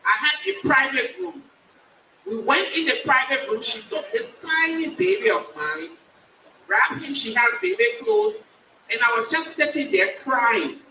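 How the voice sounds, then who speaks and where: A woman in her fifties giving a personal testimony speech as a keynote speaker, telling her story slowly and emphatically with dramatic pauses. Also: sits high, very animated, bright, forceful tone, slight background noise. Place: large conference hall. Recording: echoey hall from far off.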